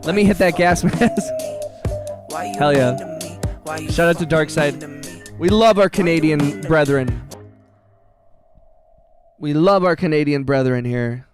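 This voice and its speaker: A high-voiced man chats casually to his livestream viewers, upbeat and rambling, tossing out quick shout-outs and restarting his sentences as he goes. His own beat plays clearly underneath him the whole time. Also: over music. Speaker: livestream host and music producer. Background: his own beat playing.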